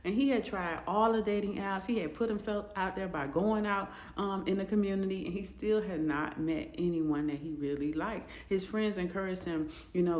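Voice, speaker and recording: Animated woman telling a story, roomy echo. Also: medium pitch, moderate pace, few pauses. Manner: animated, expressive retelling with asides. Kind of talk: casual storytime.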